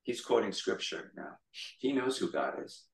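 Man preaching a chatty sermon, low voice, echoey room, mic far away. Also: moderate pace, vocal fry. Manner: animated, conversational storytelling. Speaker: pastor.

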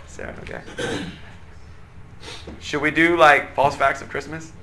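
A man's voice: fairly high pitch, flat delivery, measured pace, bright, forceful tone. A man leading a casual Bible lesson, chatty and often checking in with the class. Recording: roomy echo, faint room noise.

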